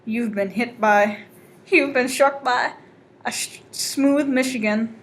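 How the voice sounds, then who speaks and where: A young woman from the Midwest co-hosting a podcast, making dry, deadpan jokes in casual chat. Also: on the high side, takes it slowly. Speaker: podcast co-host.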